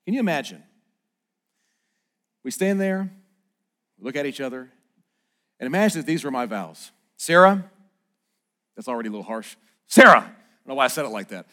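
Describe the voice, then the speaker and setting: A man in his thirties, a pastor, preaching a sermon in a conversational, animated way with playful asides to the congregation. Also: mid-range voice, fairly quick, pauses often. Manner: playful asides and mock quotes to the audience.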